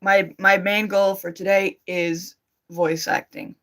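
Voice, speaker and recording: A streamer chatting casually about their plans for the day, pausing often and hesitating with fillers. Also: medium pitch, flat delivery, pushed and bright.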